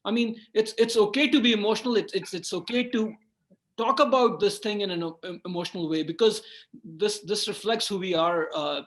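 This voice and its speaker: A man moderating a panel discussion, speaking haltingly with many stammered restarts. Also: high voice.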